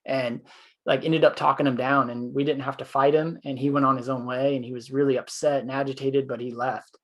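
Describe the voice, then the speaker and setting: A man's voice: mid-range voice, steady tone, fast. A man co-hosting a podcast, telling a long story in casual conversation, rambling with fillers. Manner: former police officer. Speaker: podcast co-host.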